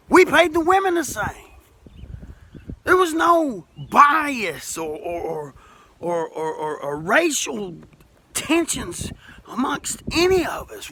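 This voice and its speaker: A masonry worker from Alabama delivers an impassioned monologue to camera in a high, animated voice with a Southern accent. He's folksy and plainspoken, repeating himself and building to emphatic points, with faint noise in the background.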